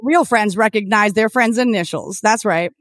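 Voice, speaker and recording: A woman's voice: mid-range voice, normal speed, no echo, clean studio sound. A woman co-hosting a podcast in casual chat, rambling, restarting her sentences and giggling. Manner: rambling, giggly, self-interrupting. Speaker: podcast co-host.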